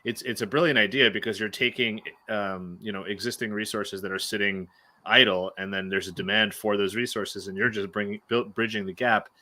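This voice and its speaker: A man's voice: fairly low pitch, fairly even intonation, a little fast, pushed and bright. A man hosting a podcast interview, asking curious, enthusiastic questions. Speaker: podcast host. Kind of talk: casual interview.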